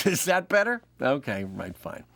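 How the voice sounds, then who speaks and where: A man's voice: medium pitch, sing-song, slow pace, vocal fry, a bit bright. A man hosting a comedy show, delivering a jokey stand-up monologue and laughing often.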